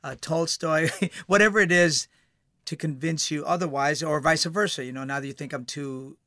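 Man, actor guest, bright forceful voice, animated, stumbles over words, a touch high. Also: dry recording, clean studio sound. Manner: animated, quick, repeats words. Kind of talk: casual interview chat.

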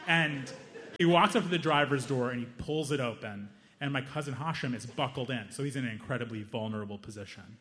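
A man's voice: mid-range voice, fairly quick. A young man doing stand-up comedy, telling a story and acting out the people in it. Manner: animated, acts out other people's lines.

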